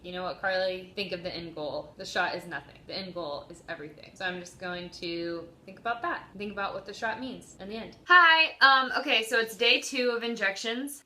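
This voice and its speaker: A woman's voice: fairly low pitch, sharp tone. A woman in her thirties talking candidly and emotionally to the camera in a personal video diary at home. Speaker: vlogger.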